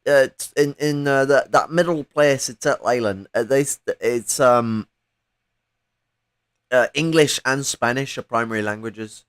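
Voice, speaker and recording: A man talking through a casual political stream in a profane, rambling way, swearing freely and filling pauses with ums and uhs. His voice sits at an ordinary middle pitch. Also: clear, resonant tone. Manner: profane, rambling, full of fillers. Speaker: livestream co-host.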